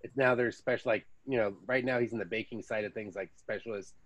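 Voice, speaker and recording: An American man hosting a podcast, telling stories in a chatty, casual way with lively asides. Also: lowish voice, fast. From United States. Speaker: podcast host. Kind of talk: casual chat.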